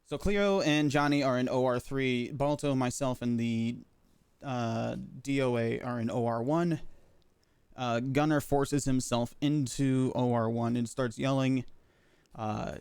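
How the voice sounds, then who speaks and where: A man playing a medic in a roleplay game, recounting events in character, pausing often with fillers as he talks. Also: medium pitch, darkish tone, clear, resonant tone, no room sound. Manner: halting, filler-heavy recounting. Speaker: roleplay medic giving a statement.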